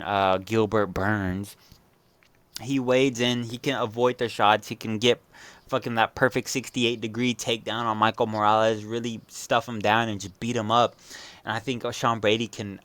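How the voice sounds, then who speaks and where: A man's voice: lowish voice, a bit bright, clean tone, no room sound. A young man giving casual, blunt fight predictions, swearing freely and repeating phrases as he rants. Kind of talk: casual solo commentary.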